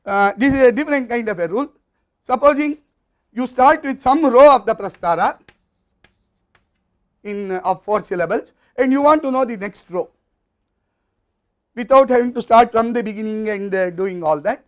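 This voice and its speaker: A man's voice: very high-pitched, moderate pace, long pauses. A man with an Indian English accent giving a university lecture, explaining step by step in a methodical way.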